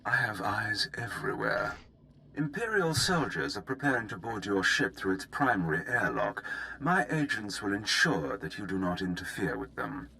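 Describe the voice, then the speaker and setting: Ruthless Imperial commander, game villain, menacing and clipped, sharp voice, wide-swinging pitch. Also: male voice, wildly swooping pitch, moderate pace, vocal fry, slight background noise, heavily acted, low-quality recording. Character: cold ruthless male Imperial fleet commander. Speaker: game character.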